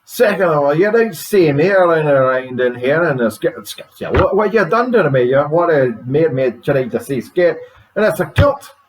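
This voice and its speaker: A man voicing a touchy, defensive radio guest who rants loudly. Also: a little high, animated, moderate pace, pitched above the performer's own voice, natural voice, low-quality recording. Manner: loud, defensive, ranting.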